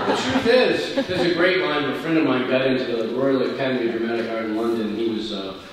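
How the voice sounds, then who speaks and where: A man answering audience questions after a reading, candid and chatty with easy laughter. His voice sits at an everyday middle pitch. It comes from a distance in a large hall with a long, ringing echo and faint background hiss. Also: lively intonation, moderate pace, a bit bright. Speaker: author taking audience questions. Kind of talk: casual talk after a reading. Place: festival hall. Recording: echoey hall from far off.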